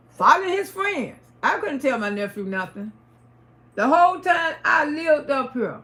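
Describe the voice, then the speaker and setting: A middle-aged woman talking to her livestream audience from home. Her voice sits high and bright, with a gravelly edge. She tells her story in an emphatic, repetitive, often profane way. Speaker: livestream host. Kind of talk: casual storytelling to a live audience.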